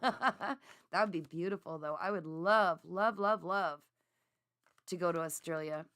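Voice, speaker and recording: A middle-aged woman hosting a live-streamed card reading, chatting with viewers in an animated way and laughing often. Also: fairly low pitch, unhurried, clear, resonant tone. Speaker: psychic reader.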